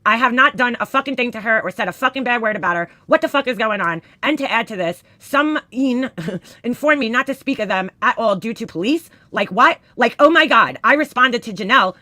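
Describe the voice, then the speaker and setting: A woman reading screenshots aloud in casual commentary, profane and exasperated, giving the quoted lines loud emphasis. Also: on the high side, expressive, brisk, dry recording.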